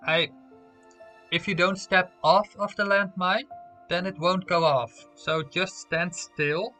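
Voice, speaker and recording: Young male streamer, higher voice with a bright edge, playful, chats to his viewers over soft music. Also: unhurried. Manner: playful, talks straight to viewers. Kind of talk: live stream chat, reading game results aloud.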